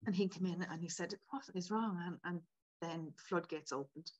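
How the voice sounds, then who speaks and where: A woman's voice: on the low side, moderate pace, lo-fi sound. A woman, a podcast guest candidly telling her own story with many fillers. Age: 50s. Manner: candid and tearful at times, many 'like' fillers. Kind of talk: emotional personal storytelling.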